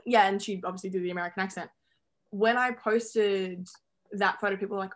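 A teenage Australian girl chatting casually and telling stories in a lively way. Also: mid-range voice. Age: teens. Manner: chatty storyteller, quick to laugh. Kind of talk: casual chat.

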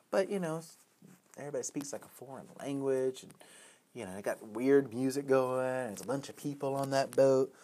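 A casual storyteller winds through a long joke, rambling and loose. The pitch sits in the middle range, and the telling is full of fillers. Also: normal speed, long pauses, dark tone, slight background noise. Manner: rambling, many fillers like "you know, whatever".

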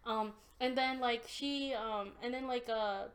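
A young woman hosting a podcast, casually telling an animated story and swearing often. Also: fairly high pitch, a little slow. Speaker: podcast host. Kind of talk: casual chat.

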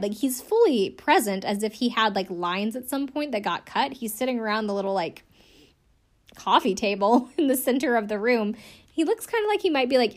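A young adult woman hosting a casual podcast recap, chatty and rambling, with many "like" fillers and wry asides. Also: mid-range voice. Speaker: podcast host. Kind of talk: casual recap of a reality show.

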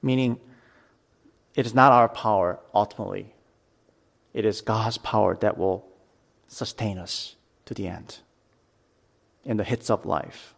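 A man's voice: on the low side, fairly even intonation, measured pace, creaky, pauses often. A man preaching a sermon to his church, earnest, reading scripture dramatically and talking it through plainly. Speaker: pastor.

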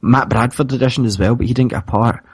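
A man's voice: medium pitch, steady tone, fast, breathy edge, no echo. A young man with a Scottish Fife accent, co-hosting a podcast and telling stories in a rambling, self-interrupting way. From Scotland. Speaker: podcast co-host. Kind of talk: casual chat.

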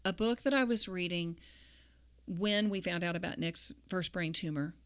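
A woman with a somewhat low voice talks about her faith. She speaks reflectively, pausing often and using many fillers. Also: fairly bright tone, smooth. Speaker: guest; grieving mother. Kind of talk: personal faith interview.

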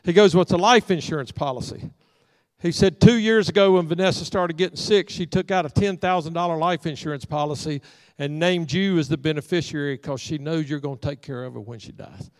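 High-voiced pastor telling stories. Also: male voice, brisk, dry recording, long reverb tail. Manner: folksy storyteller acting out dialogue. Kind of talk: storytelling sermon. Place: church sanctuary.

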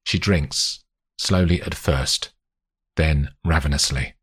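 A deep, husky male voice reading a thriller audiobook. He narrates slowly and expressively, letting his pitch rise and fall widely. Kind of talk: scripted narration.

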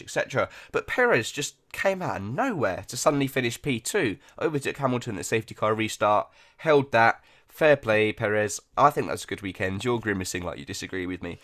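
Lively chatty man co-hosting a podcast. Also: fairly low pitch. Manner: animated, chatty, laughs often. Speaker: podcast co-host. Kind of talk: casual chat.

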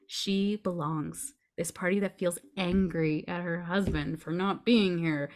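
A woman's voice: on the low side, steady tone, a little slow, a little mellow. A woman guest on a podcast, explaining emotions earnestly and reassuringly, often checking in with her listener. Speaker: podcast guest, grief coach. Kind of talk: conversational explaining.

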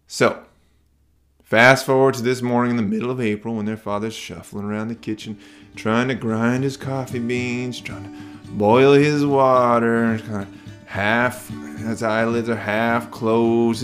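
A man telling a children's bedtime story as podcast host, in a relaxed, rambling way with fillers. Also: medium pitch.

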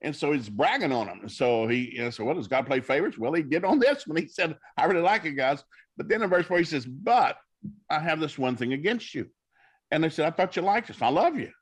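Brisk and animated, this man's slightly high, slightly rough voice carries a minister's folksy, preaching storytelling on a talk show. He acts out the dialogue of those he quotes.

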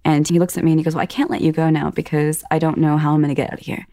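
A woman giving documentary testimony, recounting events earnestly and in a measured way, often acting out quoted speech. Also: sits low, level tone, warm tone, no echo, clean studio sound. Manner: earnest, measured retelling that voices others' quoted words. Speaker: interviewee telling her own story.

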